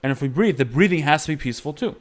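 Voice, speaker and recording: A man's voice: on the high side, animated, rapid-fire. A man teaching Byzantine-style chant phrasing, explaining patiently and singing short phrases to demonstrate. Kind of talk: music lesson with sung demonstrations.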